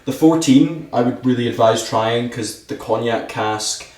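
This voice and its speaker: A man's voice: mid-range voice, unhurried, a little mellow, reverberant, far from the mic. A Scottish man talking about whisky as a podcast guest, eager, saying "absolutely" a lot and talking with his hands. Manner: enthusiastic, talks with his hands, says "absolutely" often. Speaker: distillery ambassador guest. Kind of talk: podcast conversation. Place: podcast studio.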